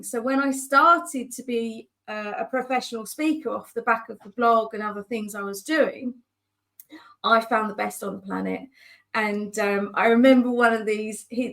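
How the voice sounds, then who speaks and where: A woman business coach telling stories in a conversational way, animated and acting out the voices of people she quotes. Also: a little high. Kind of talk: conversational storytelling.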